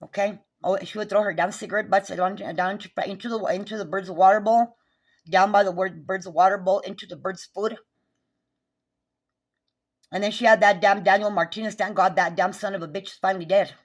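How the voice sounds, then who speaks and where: A woman's voice: mid-range voice, fairly even intonation, brisk. A woman, recounting a neighbor dispute in an agitated, profane, repetitive rant. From New Mexico. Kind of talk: angry recounting vlog.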